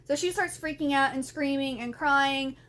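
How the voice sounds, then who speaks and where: A woman's voice: sits high, moderate pace, fairly bright tone. A young woman vlogger giving a casual, rambling spoken recap of a book, often saying "like". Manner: chatty and rambling, often says "like".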